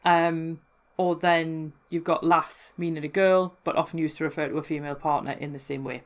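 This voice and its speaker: A woman's voice: low voice, fairly even intonation, moderate pace. Chatty Geordie woman explaining words. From North East England. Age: adult, worked in London before. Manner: chatty, amused, self-correcting. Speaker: folklore blogger explaining dialect. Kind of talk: casual educational talk.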